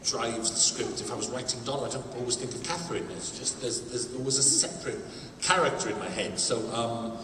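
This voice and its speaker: An animated man answers fan questions from a panel and laughs often, rising into loud bursts. He is picked up from a distance in a big reverberant hall. Steady background noise sits under his voice. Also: medium pitch, a little fast. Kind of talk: casual convention panel answers. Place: large convention hall with an audience. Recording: echoey hall, distant mic, crowd noise.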